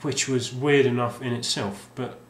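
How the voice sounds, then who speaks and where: A man's voice: mid-range voice, little pitch movement, normal speed, slight background noise. A man casually showing off his game collection, rambling and hesitant with lots of ums and restarts. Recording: roomy sound with faint ambience.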